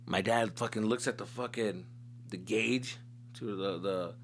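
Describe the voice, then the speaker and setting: A man's voice: fairly low pitch, measured pace, a little hiss or hum. A man from Tucson, Arizona, hosting a podcast and telling a comic story in a casual, swearing, slangy way with Spanish mixed in. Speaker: comedian host.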